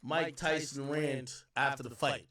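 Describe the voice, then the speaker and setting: A man's voice: medium pitch, a little slow. A man hosting a livestream, giving loose, slangy reaction commentary. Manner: animated, slangy, loose rambling talk. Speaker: livestream host. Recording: echoey, distant room sound.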